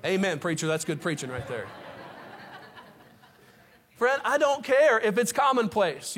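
A pastor preaches a sermon to his congregation, impassioned and rising to near shouts, with folksy asides to the room. His voice is high-pitched and sing-song, unhurried, with frequent pauses.

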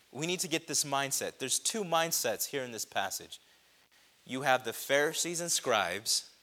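A man preaching a sermon, impassioned, swelling loud on repeated phrases. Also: a little high. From grew up on a reservation.

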